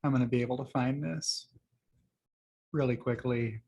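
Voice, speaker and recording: A man's voice: mid-range voice, fairly even intonation, normal speed, mellow, husky. A man casually talking through the tweets he liked that week, chatty and rambling, with frequent fillers. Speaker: host reviewing liked tweets. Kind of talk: casual screen-share commentary.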